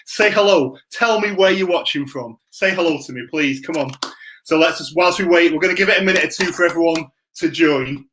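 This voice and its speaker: Guy running a live q&a stream, upbeat and chatty, slightly high voice. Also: a bit bright. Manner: upbeat, greets viewers by name. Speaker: livestream host.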